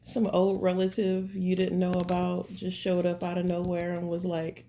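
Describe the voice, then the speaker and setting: A woman's voice: on the low side, monotone, moderate pace, mellow, a little hiss or hum. A woman giving a casual tarot reading at home, talking straight to her viewers in a rambling, slangy, laid-back way. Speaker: tarot reader.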